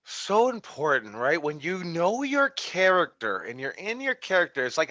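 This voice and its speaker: A man coaching wrestling students over a video call, his voice fairly high and bright. He rambles and restarts often, and the audio is dull and dry, like a lo-fi call. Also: wildly swooping pitch, moderate pace, hardly any pauses, no echo. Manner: rambling, many fillers and restarts. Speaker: wrestling instructor.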